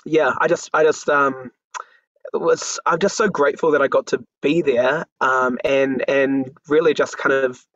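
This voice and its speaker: A man's voice: medium pitch, fairly even intonation, a little slow, fairly bright tone, no echo, highs cut off. A man chatting as a guest in an interview, giggly and chatty with lots of fillers. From New Zealand. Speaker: guest, drag performer. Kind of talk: casual interview chat.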